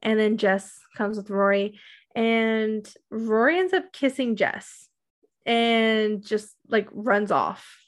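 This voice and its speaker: A woman's voice: mid-range voice, slow pace. A woman co-hosting a podcast, recapping a TV show in casual chat, rambling with many "um"s and "like"s. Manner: rambling, many fillers and likes. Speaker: podcast co-host.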